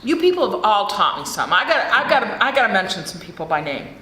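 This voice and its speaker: A middle-aged American woman, medium-pitched and very animated, talks at a quick pace in a bright, forceful tone. She's giving a frank, profane recovery share into a podium mic, with the big hall's echo and faint room noise audible.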